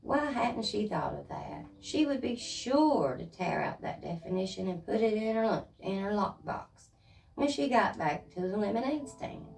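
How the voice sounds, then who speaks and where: A woman reading a children's chapter book aloud in a lively, expressive way. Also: mid-range voice, moderate pace, creaky, distant mic, low-quality recording. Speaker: reader.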